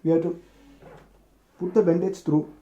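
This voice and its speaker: Halting man explaining a bandage. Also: a little high, flat delivery, mellow, muffled recording. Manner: halting, restarts sentences often. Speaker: medical student demonstrating first aid. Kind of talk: unscripted explanation.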